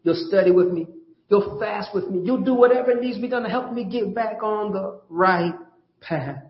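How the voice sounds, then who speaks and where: A man's voice: high-pitched, moderate pace, reverberant, dull audio. A man preaching a sermon to his congregation in an earnest, conversational way, leaning on repetition. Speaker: pastor.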